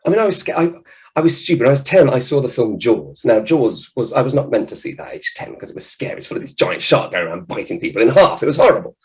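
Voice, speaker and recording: A man, a children's author, giving a lively, jokey talk to children at an event. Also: medium pitch, fast, rough recording. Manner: animated, jokey, acts out scared voices.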